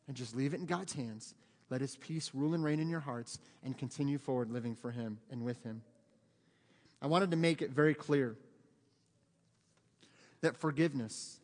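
A man's voice: fairly high pitch, a little mellow. A middle-aged man from the United States, a pastor preaching a sermon in an earnest, pleading way that builds to emphatic peaks. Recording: long church hall reverb.

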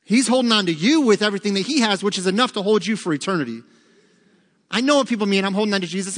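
A man's voice: high voice, fairly bright tone. A man preaching an earnest sermon as pastor, sometimes repeating words as he restarts. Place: church sanctuary. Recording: long church reverb.

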